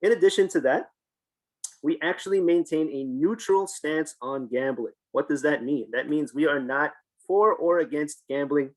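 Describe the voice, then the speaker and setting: A man's voice: on the high side, moderate pace, low-quality recording. A man, a community program team leader, giving a casual presentation over a video call and posing rhetorical questions. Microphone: video call microphone.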